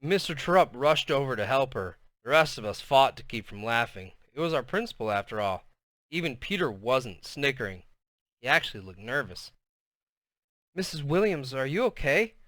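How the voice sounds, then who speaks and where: A man's voice: medium pitch, animated, moderate pace, fairly bright tone, no echo. Man reading a novel aloud. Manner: plain reading with casual asides. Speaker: reader.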